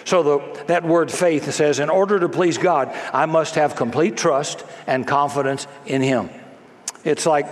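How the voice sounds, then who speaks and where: A man's voice: fairly high pitch, measured pace. Man preaching in an echoey hall. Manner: dramatic preaching, acting out quoted voices. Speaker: pastor. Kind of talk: sermon. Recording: echoey hall with long reverb.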